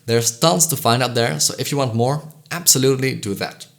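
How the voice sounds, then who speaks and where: Man, educational voice-over, clear explanatory delivery, sounds out vowels slowly. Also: medium pitch. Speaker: language educator. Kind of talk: scripted educational narration.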